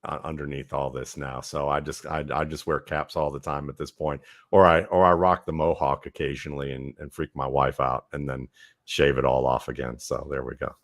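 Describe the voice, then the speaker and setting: A man with an extremely deep voice chats as a podcast guest, cracking self-deprecating jokes in halting starts. His voice sits dry and close to the mic. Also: little pitch movement, fairly bright tone, dry recording. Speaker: guest analyst. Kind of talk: casual chat.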